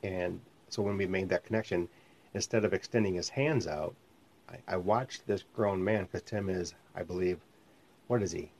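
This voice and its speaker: A man's voice: low voice, normal speed, a little mellow, slight background noise. A man who is a minister and podcast host, teaching in a conversational, rambling way and often correcting himself. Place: home studio called the lab. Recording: slightly muffled lo-fi sound.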